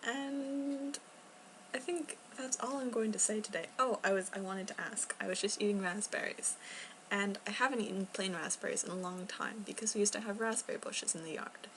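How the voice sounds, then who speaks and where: A young woman chatting casually in a rambling vlog at home, talking quietly and filling gaps with ums and soft laughs. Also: medium pitch, moderate pace, a little hiss or hum, poor audio. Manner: talking quietly, at times near a whisper. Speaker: vlogger. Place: home, indoors.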